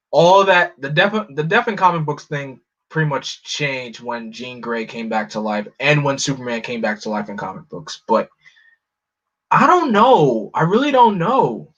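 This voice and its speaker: Excitable rambling male streamer. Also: fairly high pitch. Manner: excitable, rambling, restarts often. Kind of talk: casual live-stream chat. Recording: slightly muffled lo-fi audio.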